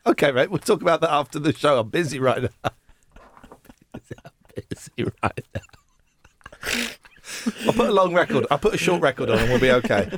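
A man's voice: fairly high pitch, animated, fairly bright tone. A man hosting a radio show, playfully teasing his co-hosts in casual banter. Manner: playful, quick to tease. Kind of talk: casual banter, accent guessing game.

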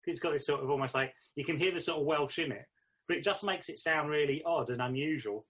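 Husky man in relaxed chat. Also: fairly high pitch, fast. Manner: relaxed, hedging, lots of fillers like "sort of". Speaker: podcast co-host. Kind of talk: casual chat.

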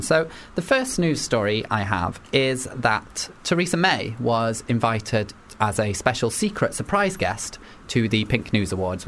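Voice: mid-range voice, a little hiss or hum. A young radio host, chatting casually on air and laughing often.

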